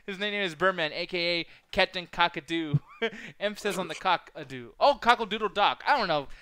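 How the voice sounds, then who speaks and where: A man's voice: high-pitched, brisk, sharp tone, clean tone. A man co-hosting a casual livestream, reading chat, swearing and laughing often as he teases his friends.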